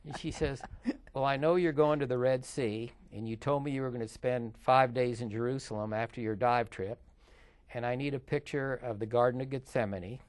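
An older man sits as an interview guest and tells his stories at a relaxed, rambling pace. He stops often on fillers and restarts, and his voice sits in a typical middle pitch for a man. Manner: rambling, chatty, with filler pauses. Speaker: interview guest, underwater photographer. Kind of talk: casual interview storytelling.

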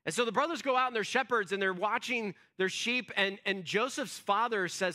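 A male pastor giving a sermon as relaxed storytelling, acting out quotes and using many fillers. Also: high voice, moderate pace. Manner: conversational storytelling, acts out quotes, frequent fillers. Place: church.

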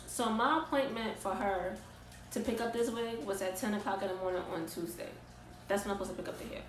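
Brief: young woman vlogger, casual animated storyteller, set back from the mic in an echoey room. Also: mid-range voice, a little fast, faint music behind. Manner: casual, slangy, animated retelling. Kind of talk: storytime vlog. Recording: roomy echo, distant mic.

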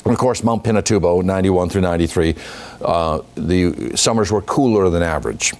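A man's voice: low voice, a little fast, darkish tone. A man giving an illustrated history talk as a folklorist, reciting dates and figures steadily with chatty asides to the audience. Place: senior center meeting room.

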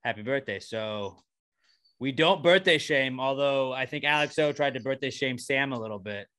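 Young male podcast co-host, bright voice, rambling jokey banter, casting for a casual sports chat show. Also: mid-range voice, normal speed. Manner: loose, rambling, jokey delivery with frequent fillers.

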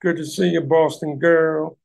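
A man's voice: a little high, flat delivery, a little slow, gravelly, darkish tone. A man hosting a livestream, ranting heatedly at people in his chat and swearing heavily. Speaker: livestream host.

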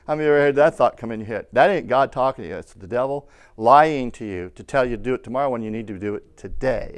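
A man preaching a sermon, telling a personal story and rising to loud calls of amen. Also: mid-range voice, fast, hardly any pauses, clean tone. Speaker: pastor.

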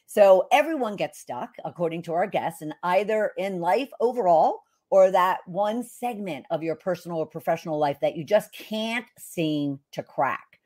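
A woman's voice: lowish voice, animated, normal speed, darkish tone. A woman hosting an interview podcast, introducing her guest with effusive enthusiasm. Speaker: podcast host.

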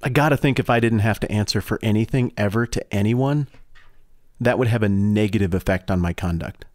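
A man's voice: on the low side, a little fast, no echo. A man co-hosting a podcast, talking in a thoughtful, reflective way in casual chat into a close microphone. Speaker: podcast co-host.

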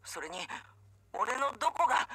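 Cat-fearing game boy, high voice, quick stammering, husky bright tone, dry studio sound. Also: sing-song, no room sound, heavily acted. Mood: frightened. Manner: flustered, stammering. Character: timid young boy who dreads cats. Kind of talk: Japanese game voice acting.

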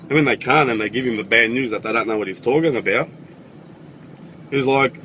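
A man's voice: mid-range voice, fairly quick, pauses often, pushed and bright, a little hiss or hum. A young man with an Australian accent, telling sarcastic, sweary comedic stories in a vlog.

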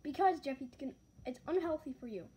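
A woman's voice: high voice, animated, fast talker, dark tone. A woman voicing an exasperated father scolding his son in a homemade puppet parody, impatient and cranky.

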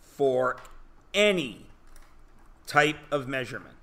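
A man's voice: mid-range voice, animated, takes it slowly, pushed and bright. A male teacher giving a joking, self-deprecating classroom lecture to his students.

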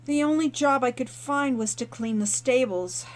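Woman reading as a young orphan hero lad, eager and stammery, voice pitched up. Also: normal speed, close to an everyday voice. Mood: apologetic. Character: earnest young male orphan hero-in-training.

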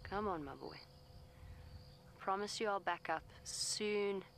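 A female safari guide speaks slowly in a creaky, medium-pitched voice, with slight background noise, from her vehicle outdoors. She pleads gently with an elephant to coax it along, then explains its behavior to viewers plainly in live commentary.

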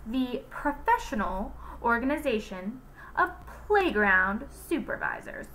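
A woman's voice: fairly high pitch, sing-song, slow, a bit bright, slight background noise, voice pushed up, full character voice. A woman reading aloud as a fussy, rule-obsessed young man who supervises a playground, speaking primly. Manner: prim, stickling.

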